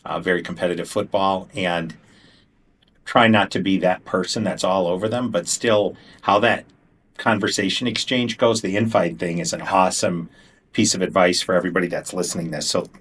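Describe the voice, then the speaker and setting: A middle-aged man hosting a podcast interview, asking questions in a relaxed, conversational way. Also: low voice, normal speed, slightly rough. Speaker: podcast host. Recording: voice distant from the mic.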